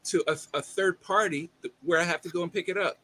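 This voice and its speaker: A man's voice: high-pitched, quick pace, sharp tone. A man in casual chat, talking emphatically and swearing as he complains.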